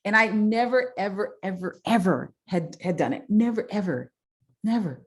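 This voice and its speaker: A woman with a Southern US accent hosting an interview, chatty and quick to tell stories. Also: mid-range voice. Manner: chatty, animated storyteller, frequent restarts. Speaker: interview host. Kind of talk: interview conversation.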